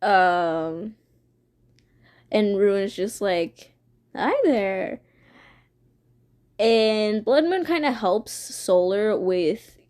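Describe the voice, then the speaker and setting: A woman's voice: mid-range voice, a little mellow. A young woman streamer casually retelling her own fan story, rambling, swearing freely and giggling.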